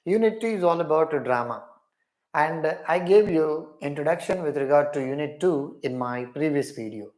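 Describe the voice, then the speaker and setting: Indian teacher running a live quiz class. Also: male voice, a little high, expressive, moderate pace, a little mellow. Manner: repeats questions and praises each answer with "wonderful". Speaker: English literature teacher. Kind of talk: live online class quizzing students.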